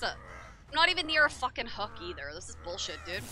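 A woman's voice: medium pitch, very animated, normal speed, bright, forceful tone. A young woman streaming a horror game, talking to her chat with frequent swearing and frustration. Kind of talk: casual game commentary.

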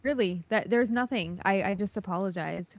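A woman's voice: medium pitch, normal speed, background noise. A woman in a casual podcast chat, candid and self-deprecating. She giggles easily and talks openly in an ordinary mid-range voice.

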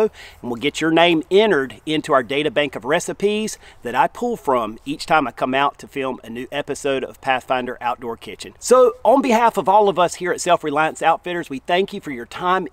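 A man's voice: a little high, dry recording. Folksy man cooking at camp. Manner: relaxed, folksy, talks while eating. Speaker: host of a camp cooking show. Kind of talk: outdoor cooking vlog, talking to camera. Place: outdoors in the woods at a camp.

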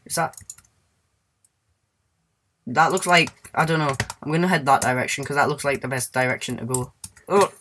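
A man chatting through his gameplay in a loose, goofy ramble. He hums little tunes, sings snatches to himself and lets out sudden high squeals. Faint keyboard clicks tick away in the background. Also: steady tone, moderate pace, pauses often, bright, forceful tone, a little hiss or hum. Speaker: let's play gamer. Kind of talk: casual gameplay commentary.

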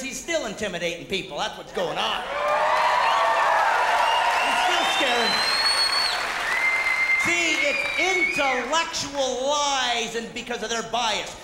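A man doing a high-energy stand-up comedy set, shouting and working the crowd. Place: large hall with a live audience. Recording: echoey hall, loud crowd and noise.

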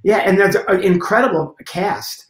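A middle-aged comedian, a man, telling stories as an interview guest. He is lively and acts out scenes and sound effects as he goes. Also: high voice, normal speed. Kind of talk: storytelling in a conversation. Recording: roomy echo.

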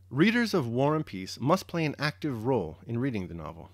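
A man reading a classic novel aloud chapter by chapter, then giving a measured spoken reflection in a steady, articulate way. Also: mid-range voice, dry recording, studio quality. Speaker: audiobook reader and commentator. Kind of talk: measured audiobook narration and reflection.

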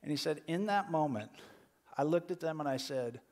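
Man preaching, conversational and higher-pitched. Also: moderate pace. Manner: conversational preaching, repeats words when starting phrases. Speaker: pastor. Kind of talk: sermon.

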